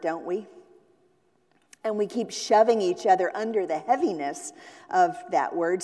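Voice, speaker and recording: Slow-preaching woman pastor in a reverberant hall. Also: medium pitch, a little mellow. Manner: slow, deliberate preaching with acted-out quotes. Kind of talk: sermon. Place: church sanctuary.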